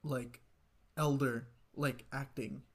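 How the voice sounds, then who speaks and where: A man's voice: mid-range voice, fairly even intonation, slow, breathy edge. A young man co-hosting a podcast, joking with friends and steering the chat with questions. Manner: laid-back, joking, asks the questions. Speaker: podcast co-host. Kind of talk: casual chat among friends.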